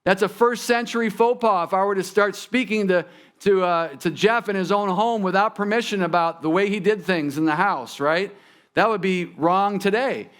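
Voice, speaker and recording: A man's voice: high voice, moderate pace, a bit bright, clean tone. A man preaching a sermon in a church, talking conversationally and turning to the congregation with asides. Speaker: pastor. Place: church sanctuary.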